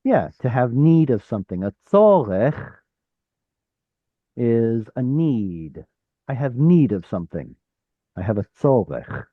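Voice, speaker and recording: A man's voice: mid-range voice, big pitch swings, slow pace, long pauses, breathy edge, no room sound, narrow, tinny audio. A man teaching an online Hebrew class, explaining step by step, sounding out letters and correcting himself as he goes. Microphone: video call.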